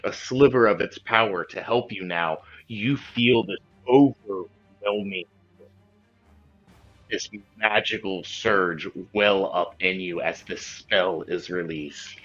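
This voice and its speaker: A man narrating as game master of a tabletop game, casual and halting, with many fillers. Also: fairly low pitch, sharp tone. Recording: dull lo-fi sound with faint music.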